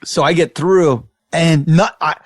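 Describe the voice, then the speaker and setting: A man with a slightly higher voice tells a rambling, profane story on a podcast. The sound is close and dry, with no room around it. His delivery is animated and full of swearing. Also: unhurried, no room sound. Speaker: podcast co-host. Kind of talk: casual chat.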